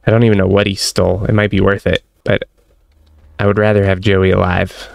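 Gravelly low-voiced man gaming. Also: fairly quick, no echo. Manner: excitable, laughing, chatting to his in-game pet. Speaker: gaming channel host. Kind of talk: let's-play commentary.

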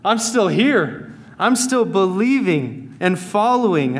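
Slow, earnest American man preaching. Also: high voice, very animated. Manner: earnest, emphatic repetition. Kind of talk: sermon. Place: church sanctuary.

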